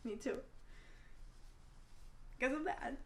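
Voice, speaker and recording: A woman with a high-pitched, fairly bright voice speaks slowly as she tells an emotional storytime vlog in English, her native language being Spanish. She's blunt and rambling and swears a lot, in an echoey room with a little hiss or hum.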